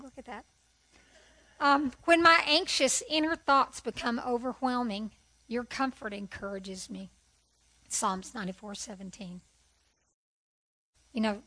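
Middle-aged lady telling her faith story at a conference, earnest, lots of "isn't he good?" questions, bit high voice. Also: bright, forceful tone, poor audio. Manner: earnest, conversational, asks rhetorical questions. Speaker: women's conference speaker. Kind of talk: testimony sermon.

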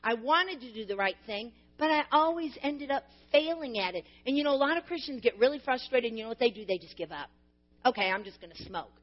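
A woman's voice: high voice, lively intonation, fast talker, few pauses, muffled recording. A middle-aged woman preaching a sermon, earnest and personal, with laughing asides and fervent emphasis.

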